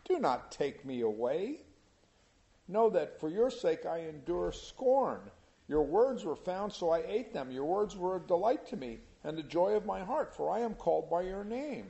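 A man's voice: sits high, big pitch swings, normal speed, creaky, dark tone, dull audio. A man leading an informal Bible study, reading scripture aloud and then explaining it in casual, everyday words to a small group. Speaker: Bible teacher.

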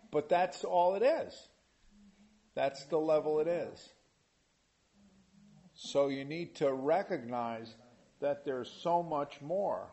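A man preaching a sermon in an animated way, rising to loud emphasis. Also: fairly high pitch. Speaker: pastor.

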